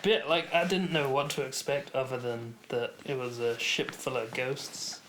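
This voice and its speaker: A young man in his twenties talks in a relaxed, easygoing podcast chat at a middling pitch. A faint hiss sits under his voice. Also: moderate pace. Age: 20s. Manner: laid-back, chatty, plugs the website. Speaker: podcast co-host. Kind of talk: casual chat.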